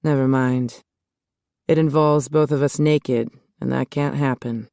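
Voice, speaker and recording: A guarded, no-nonsense male cop, read by a woman in an audiobook, answering in short, low, clipped lines. The voice sits deep and close, with a dry, dead studio sound. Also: normal speed, darkish tone, no room sound. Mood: terse. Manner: curt, low and terse.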